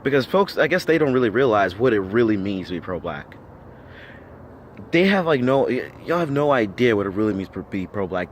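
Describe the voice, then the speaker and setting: An American vlogger rants bluntly to the camera in a medium-pitched voice, swearing constantly, arguing, firing off rhetorical questions and repeating himself for emphasis. There's a little hiss or hum in the recording.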